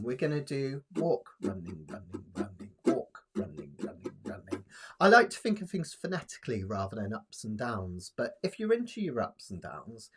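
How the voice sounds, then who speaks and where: A man's voice: a little high, breathy edge. A man teaching a live-streamed ukulele lesson, patient and encouraging, counting beats aloud as he explains chords. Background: ukulele playing.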